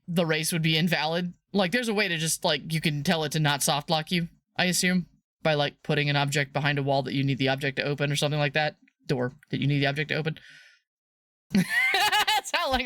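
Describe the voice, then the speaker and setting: A woman streamer chatting casually on a live stream, rambling, playful and laughing often, sometimes breaking into high squeals. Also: fairly bright tone, no echo, studio quality. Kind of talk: casual livestream chat.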